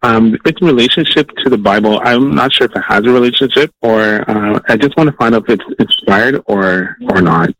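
A man's voice: mid-range voice, normal speed, few pauses, a bit bright, no echo, rough recording. Polite, hesitant male caller.

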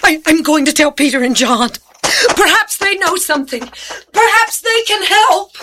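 A tearful devoted disciple. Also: female voice, very high voice, lively intonation, moderate pace, background noise. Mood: urgent. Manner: tearful, breathless. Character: grieving devoted woman disciple, young adult. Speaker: actor in audio Bible drama. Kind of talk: radio drama acting.

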